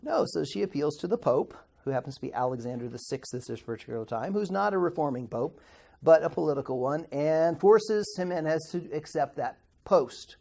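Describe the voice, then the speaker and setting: Brisk and expressive, this slightly high voice is creaky with a darkish tone. It belongs to a middle-aged Bible institute teacher giving a conversational history lecture who asks the class questions and trips over hard words.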